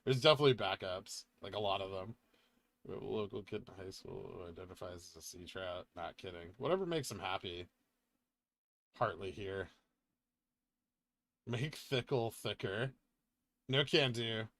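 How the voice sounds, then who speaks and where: Bright-voiced tired man reading chat. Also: low-pitched, normal speed, creaky, pauses often. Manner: relaxed, tired, reads viewer questions aloud. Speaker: livestream host reading chat. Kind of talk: casual livestream chat.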